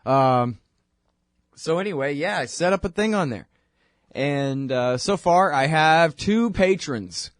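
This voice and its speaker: A man's voice: a little high, animated, no room sound. Dry-voiced man hosting a radio show. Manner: rambling, wry, conversational, quick asides. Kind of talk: casual monologue.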